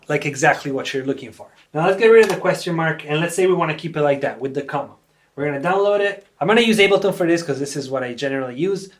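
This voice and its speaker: Fast, upbeat young man explaining. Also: a little high, a bit bright. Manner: upbeat, chatty, many fillers like "like" and "kinda". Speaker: music producer and tutorial host. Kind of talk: casual how-to tutorial.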